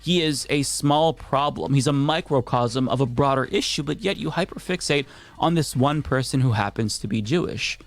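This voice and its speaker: Measured political commentator man. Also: mid-range voice, dry recording, soft background music. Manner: measured, argumentative. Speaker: political commentator in a played video.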